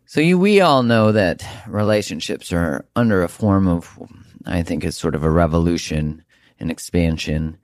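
A man's voice: deep voice, expressive, moderate pace, no echo, clean studio sound. A man hosting a podcast, talking earnestly and emphatically in a reflective monologue, with the odd casual swear. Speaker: podcast host.

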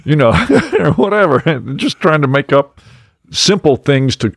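A man's voice: on the high side, sing-song, measured pace, gravelly, dry recording, studio quality. A man who is a magician guest, chatting casually in a rambling, self-deprecating way and laughing often. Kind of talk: casual podcast chat.

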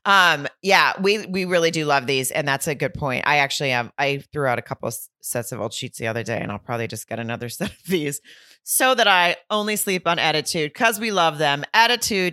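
A woman co-hosting a podcast in casual chat, telling stories in an animated, giggly way. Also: deep voice, no echo, studio quality. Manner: giggly, animated storytelling with mock singing. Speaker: podcast co-host.

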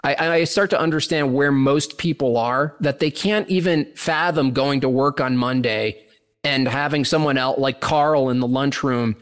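A man's voice: mid-range voice, normal speed. A man talking as a podcast guest, rambling with lots of fillers and restarts. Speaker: podcast guest, meme producer. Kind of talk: casual podcast chat.

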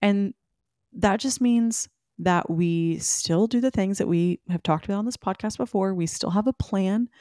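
A woman hosting a solo podcast. She gives listeners animated, emphatic pep talks and speaks to them directly. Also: medium pitch, measured pace, no room sound, clean studio sound. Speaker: podcast host. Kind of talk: solo podcast talk, motivational.

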